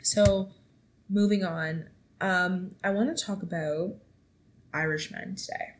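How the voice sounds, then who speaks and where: A woman in her twenties hosting a casual solo podcast, chatty and animated, swearing freely as she tells stories. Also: lowish voice, slow. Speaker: podcast host. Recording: echoey room.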